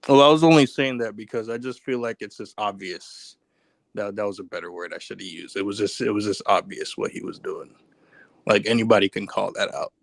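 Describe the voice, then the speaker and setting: A man's voice: fairly low pitch, a little fast, gravelly, dry recording. A man calling in to a stream, talking casually about boxing and often repeating and restarting his words. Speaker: caller. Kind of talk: casual call-in talk.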